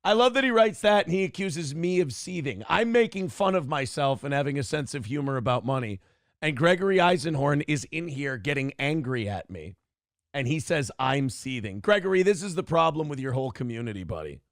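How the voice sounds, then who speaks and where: On a morning radio show, a man reads out chat comments, mocks trolls sarcastically, and asks for live-stream donations. His voice is on the high side, expressive and fairly quick, with no echo and clean studio sound.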